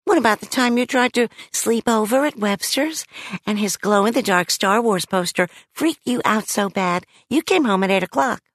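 Narrator putting on a bossy big sister, fast, teasing, higher voice. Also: male voice, a bit bright, no echo. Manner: quick, teasing. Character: bossy older sister Judy, a girl.

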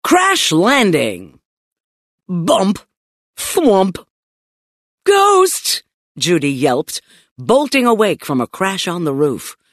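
A woman narrating a children's audiobook in a playful, expressive storytelling manner, close to a studio mic. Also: low-pitched, slow pace, dry recording.

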